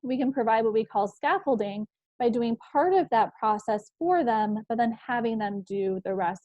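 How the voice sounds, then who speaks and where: A woman psychologist explains parenting skills in a calm, measured way, now and then pausing on an "um". Her voice sits a little high and sounds mellow and warm. The recording is dry and slightly dull. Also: no echo. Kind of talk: parenting presentation.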